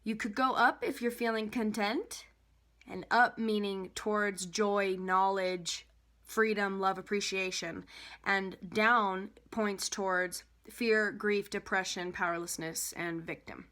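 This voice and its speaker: A woman's voice: steady tone, takes it slowly, bright, forceful tone. A young adult woman, a life coach, explaining an idea casually in a rambling way, with many fillers and restarts. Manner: acts out an anxious inner voice, rising in pitch.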